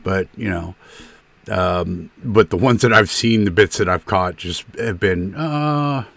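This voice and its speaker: Male stream host, low voice, joking casual chat, teasing tone. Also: a little slow, creaky, a bit bright. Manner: joking, teasing, many fillers and restarts.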